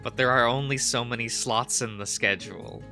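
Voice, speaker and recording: A man's voice: mid-range voice, fairly even intonation, normal speed, gravelly, pushed and bright, soft background music. A man chatting casually on a stream while drawing, giggling often and rambling as he searches for words. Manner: giggly, laughs often between phrases.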